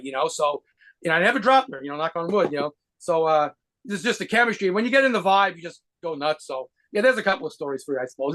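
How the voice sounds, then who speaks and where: A man telling rapid, profanity-laced stories as a guitarist being interviewed. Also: high voice, fairly bright tone. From United States. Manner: rapid profane anecdotes with laughs. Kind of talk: fast storytelling interview.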